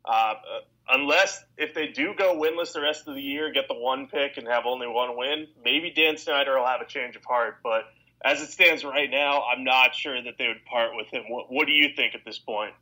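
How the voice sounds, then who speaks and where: A man with a mid-pitched, bright and forward voice co-hosts a casual sports podcast. He answers questions with measured, well-organized reasoning. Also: low-quality recording. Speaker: podcast co-host.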